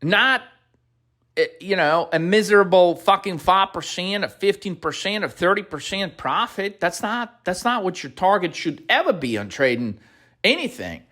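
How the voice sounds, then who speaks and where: A man's voice: sits high, lively intonation, normal speed. Swearing, aggressive male trading coach. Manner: aggressive, blunt, swears constantly; grows louder and more heated. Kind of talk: profane motivational rant.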